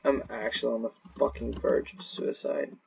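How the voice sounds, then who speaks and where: Swearing, yelling gamer on a laptop mic. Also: male voice, medium pitch, big pitch swings, moderate pace, gravelly, muffled recording. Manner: profane, erratic outbursts and yelling; rambling self-talk. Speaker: gaming channel host. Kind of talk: gaming commentary.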